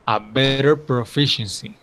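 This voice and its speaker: A man's voice: medium pitch, unhurried, fairly bright tone, slight background noise. A man teaching an English class, patiently repeating answers and praising his students.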